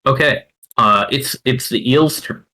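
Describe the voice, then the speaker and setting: A man narrating as game master of a tabletop game, hesitant and full of filler pauses. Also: mid-range voice, pushed and bright, rough recording.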